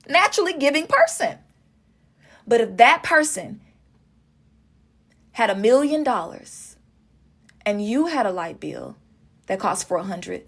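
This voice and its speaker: A woman's voice: fairly high pitch, fairly bright tone. A woman doing a casual tarot reading, talking straight to her viewers with emphatic repetition. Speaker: tarot reader.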